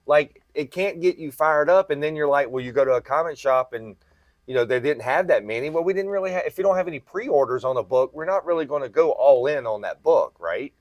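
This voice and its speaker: A man's voice: fairly high pitch, no echo, studio quality. A man hosting a podcast as a comic shop retailer, explaining things at length in casual chat and often checking in with "right?".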